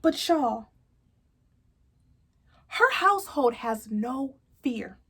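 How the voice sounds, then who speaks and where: A woman's voice: high-pitched, big pitch swings, slow pace, long pauses, a bit bright, husky. A woman in her thirties hosting a casual devotional talk, earnest and chatty, calling listeners y'all with plenty of fillers. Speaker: host of a faith talk show.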